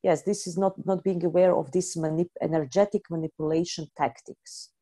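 A woman energy healing practitioner speaking in halting, non-native English, restarting and repeating words as she explains and practises healing statements. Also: lowish voice, steady tone, mellow.

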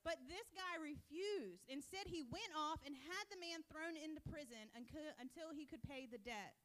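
A woman's voice: high voice, normal speed, a bit bright. A middle-aged woman preaching a sermon in a direct, emphatic way, asking rhetorical questions. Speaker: pastor.

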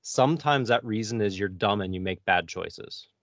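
A man's voice: fairly low pitch, animated, moderate pace, a bit bright, no echo. A man from central Pennsylvania co-hosting a casual podcast, talking in an easygoing, joking way. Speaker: podcast co-host. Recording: dry, dull lo-fi sound.

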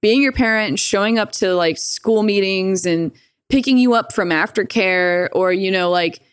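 A woman's voice: medium pitch, normal speed, clear, resonant tone, no echo, clean studio sound. A woman telling a story in a casual, rambling way, swearing freely and acting out the voices she quotes. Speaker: guest.

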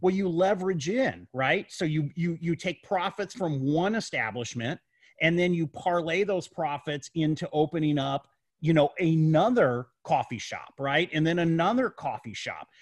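An emphatic man in a casual podcast discussion, stacking rhetorical questions and repeating words for effect. His voice sits a bit high for a man, and the sound is dry and close, with no room echo. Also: expressive, moderate pace.

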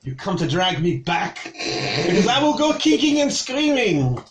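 A man's voice: high-pitched, very animated, measured pace, echoey room, voice pushed up. A man voicing a defiant peasant woman with a French accent in a tabletop game. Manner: defiant, suspicious, proud. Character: defiant Bretonnian peasant woman drinking wine.

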